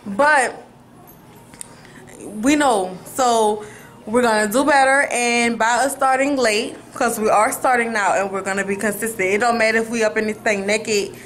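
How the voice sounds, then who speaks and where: A woman's voice: fairly high pitch, fairly even intonation, moderate pace, a bit bright, a little hiss or hum, rough recording. A young woman vlogging at home, chatting upbeat to the camera about her plans. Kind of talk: casual chat to camera. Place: at home, indoors. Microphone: handheld camera.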